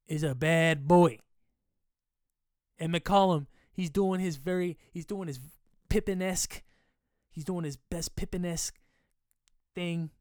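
A man with a fairly high voice rambles through loose, profane sports chat on his podcast. He jokes at his own wording and swings between loud bursts and mumbled asides. The sound is dry and close, with no room around it. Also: no echo. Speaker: podcast host.

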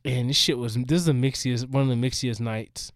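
A man's voice: mid-range voice, fairly quick, dry recording, studio quality. A man co-hosting a casual podcast, telling loose, profane stories and acting out what people said. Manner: profane, loose storytelling, acts out quotes. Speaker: podcast co-host.

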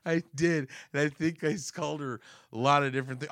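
Profane animated storytelling man. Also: a little high, quick pace, no room sound, studio quality. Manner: profane, animated, mimics voices in anecdotes. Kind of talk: casual storytelling chat.

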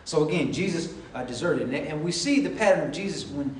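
A man's voice: fairly high pitch, expressive, brisk, slight background noise. A man preaching a sermon, telling the story in a casual, conversational way and acting out dialogue. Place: church sanctuary. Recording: echoey hall from far off. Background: congregation responses.

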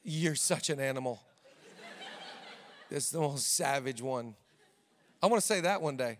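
A man preaching a sermon as a pastor, moving between quiet, joking storytelling and loud, ringing preaching. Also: medium pitch, lively intonation, measured pace, long pauses, a little hiss or hum. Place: large church hall. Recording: long hall reverb.

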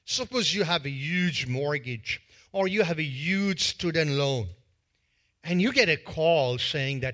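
A male pastor giving a sermon in a church, retelling a parable in an animated way and acting out its scenes with a volunteer. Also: fairly high pitch, takes it slowly. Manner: animated storytelling that acts out scenes.

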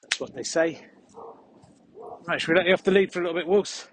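A slightly high-voiced man talks while out walking in a cold, windy field. He is breathing heavily, and he rambles in a deadpan, mock-serious, self-deprecating way. Faint wind and a dog can be heard behind him. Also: brisk. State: a little unwell. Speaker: podcast host. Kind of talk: rambling outdoor monologue.

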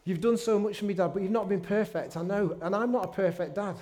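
High-voiced preacher, chatty. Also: male voice, quick pace, mellow. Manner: conversational, with self-deprecating asides. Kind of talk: sermon. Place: church meeting room.

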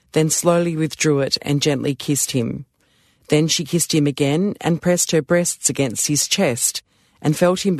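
A man reading an audiobook as narrator, in a measured, even storytelling manner. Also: fairly high pitch, no room sound, studio quality.

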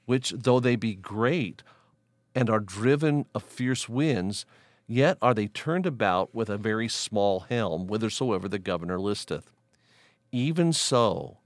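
A middle-aged man, a pastor, reading King James scripture slowly and deliberately, then teaching on it in a podcast. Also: on the low side, no echo.

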